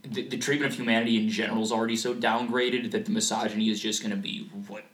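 A man co-hosting a casual movie podcast, animated and full of fillers. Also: lowish voice, fast. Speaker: podcast co-host. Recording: echoey, from off-mic.

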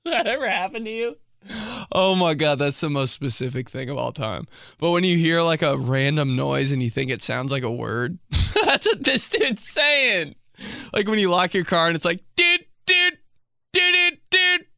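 A man's voice: fairly high pitch, lively intonation, normal speed, vocal fry, sharp tone, no echo, studio quality. A young man hosting a podcast, rambling through comic complaints with lots of fillers and sound effects. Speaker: podcast host. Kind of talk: casual comedic podcast monologue.

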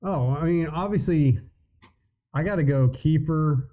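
A man chats as a podcast guest, loose, hesitant and casual with his swearing. His voice sits a touch high, and it comes through a narrow, phone-like line. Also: unhurried. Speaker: guest, motocross media personality. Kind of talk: casual chat.

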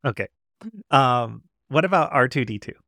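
Gravelly-voiced casual man host. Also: medium pitch, normal speed, no echo, clean studio sound. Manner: relaxed, hesitant, with restarts and laughs. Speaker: podcast host. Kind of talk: casual podcast chat.

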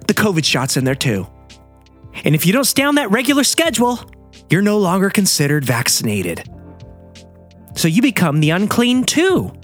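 Fired-up man ranting, lively pitch. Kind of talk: heated solo monologue.

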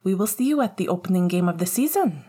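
A woman's voice: medium pitch, lively intonation, fast, breathy edge. A woman voicing a charming middle-aged French man, a hockey coach, speaking in a sing-song French accent. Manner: sing-song, warm, clipped toward rivals.

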